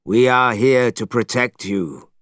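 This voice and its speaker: A man voicing calm, protective gods from the sky in a storybook, soothing and reassuring. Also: mid-range voice, slow pace, no room sound, clean studio sound.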